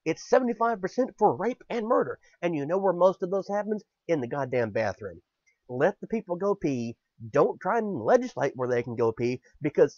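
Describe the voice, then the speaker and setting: A man ranting on a podcast, swearing hard and swinging his fairly high voice up and down with heat. The sound is dry and dull, like lo-fi home audio. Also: no room sound. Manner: furious, profane, shouty bursts. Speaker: podcast host. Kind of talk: angry political rant.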